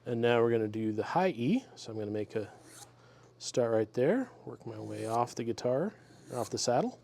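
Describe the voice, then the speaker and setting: A man talking through a guitar repair step by step in his workshop, relaxed and methodical as he works with his hands. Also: mid-range voice, normal speed, vocal fry, slight background noise. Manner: relaxed, methodical, talks while working with hands. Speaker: luthier demonstrating a repair.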